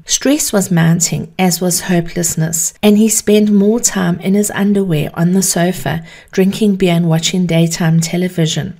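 Woman telling a measured motivational story. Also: fairly low pitch, warm tone. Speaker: podcast host.

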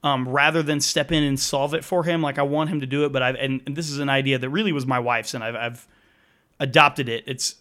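Thoughtful dad musing aloud. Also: male voice, medium pitch, fairly even intonation, fairly quick, sharp tone. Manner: thoughtful, rambling with restarts. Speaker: podcast co-host, father. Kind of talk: casual parenting chat.

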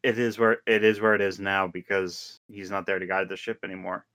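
A man's voice: low-pitched, level tone, a little fast, bright, forceful tone, no echo. A man hosting a podcast, chatting casually in a dry, matter-of-fact way. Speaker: podcast host.

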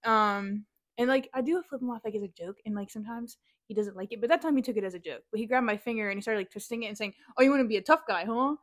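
Fast-talking young woman telling a story. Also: mid-range voice, dry recording, studio quality. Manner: animated, laughing storyteller, lots of "like". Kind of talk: casual storytelling chat.

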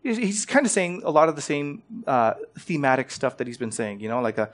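A man's voice: medium pitch, big pitch swings, brisk. A man preaching a sermon as pastor. He presses his points with direct questions and rising emphasis, and often repeats words as he starts a phrase.

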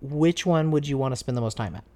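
A man's voice: medium pitch, quick pace, dark tone. A man, a dad, hosting a casual podcast chat with his child, asking playful, goofy questions. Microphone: podcast microphone.

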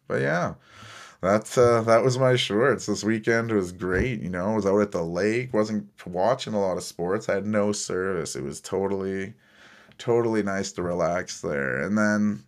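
Young male podcast host with a deep voice, laid-back rambling storyteller who mocks himself and curses freely. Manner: rambling, self-deprecating, swears casually. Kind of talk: casual storytelling.

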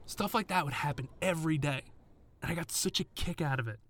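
A man's voice: a little high, brisk, fairly bright tone. A man narrating his own story in a scripted, blunt and profane first-person telling.

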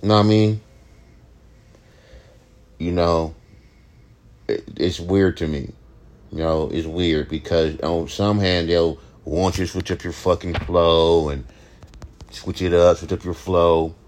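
A young man with a low voice, rambling in a profane, ranting late-night podcast monologue. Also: fairly even intonation, slow, pauses often, darkish tone. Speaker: podcast host, rapper.

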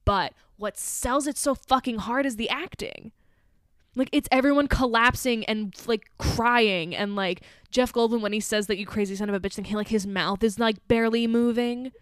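A woman co-host rambles through casual chat, full of fillers and offhand swearing. Her voice is smooth and clear at a middle pitch. The microphone is close and the sound is dry. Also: steady tone, moderate pace, no room sound. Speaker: podcast co-host. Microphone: studio microphone.

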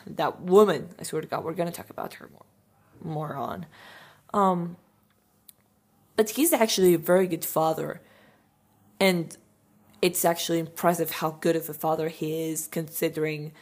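A woman's voice: fairly low pitch, breathy edge. A young woman hosting a casual podcast, sharing strong opinions in a chatty way with lots of filler words. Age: young adult. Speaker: podcast host.

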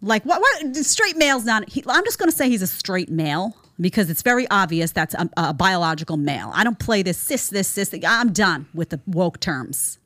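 Animated, incredulous woman host. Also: mid-range voice, moderate pace, hardly any pauses, no echo, clean studio sound. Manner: emphatic, incredulous, sarcastic, addresses audience as honey. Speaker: show host. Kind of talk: reaction commentary.

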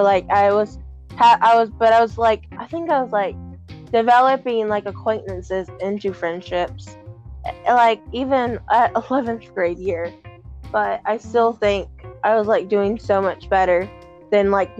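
A young woman from the American South, chatting haltingly on a podcast with lots of fillers. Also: mid-range voice, highs cut off. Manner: giggly, halting with many fillers. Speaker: podcast co-host. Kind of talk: casual chat.

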